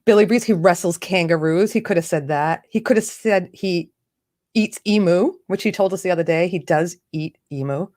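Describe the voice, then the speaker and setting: A woman's voice: lowish voice, moderate pace, darkish tone. A woman hosting a casual livestream, chatting in a bubbly way straight to her viewers and a remote chat. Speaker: livestream host.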